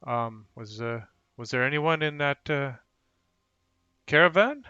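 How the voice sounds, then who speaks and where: A man's voice: medium pitch, expressive, slow, sharp tone, clear, resonant tone, no echo, dull audio, voice pushed up. A man voicing a timid, showy traveller who carries a rapier, speaking in a pleading, fearful tone. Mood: worried.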